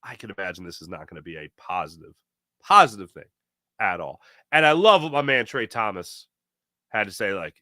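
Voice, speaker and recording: A podcast host delivers a lively, opinionated monologue of casual sports talk, acting out the voices of people he quotes. His pitch leaps around, his tone is bright and forceful, and the recording is dry and close with no room sound.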